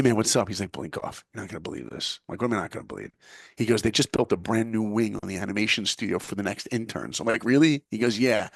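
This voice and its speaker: A man's voice: on the low side, no echo, clean studio sound. A middle-aged man from the United States, a guest telling a personal story vividly and acting out both sides of the conversations. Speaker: guest, former animator and speaker. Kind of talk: animated storytelling.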